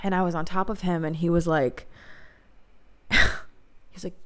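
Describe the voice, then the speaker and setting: A woman's voice: medium pitch, expressive, normal speed, long pauses, smooth. A young woman hosting a podcast, telling frank, profane stories in a casual monologue and laughing often. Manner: candid, laughing, profane storytelling. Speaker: podcast host.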